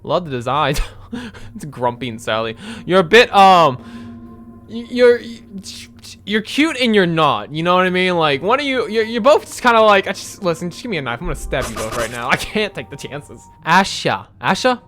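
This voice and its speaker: A young man doing casual let's-play commentary, animated and rambling, swearing often as he talks. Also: sits high, moderate pace, soft background music. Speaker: gaming video creator.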